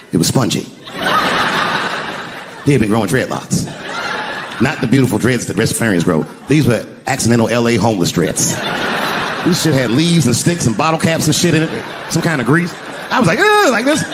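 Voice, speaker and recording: A man telling a profane stand-up story on stage, breaking into shouted impressions. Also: fairly high pitch. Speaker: stand-up comedian. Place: comedy stage before a live audience. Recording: live show with crowd laughter and noise.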